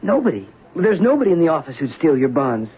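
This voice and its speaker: A man's voice: fairly high pitch, sing-song, fast, a crowd in the background. An actor playing an anxious young stockbroker who stammers in his own defense, in a 1970s radio drama. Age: young adult. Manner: nervous, stammering. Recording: dull 1970s radio broadcast.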